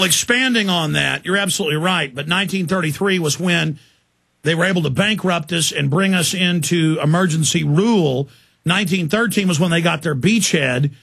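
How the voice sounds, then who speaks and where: A male radio talk show host interviewing a guest, talking forcefully in firm declarations from the studio. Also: on the high side, vocal fry, slightly rough.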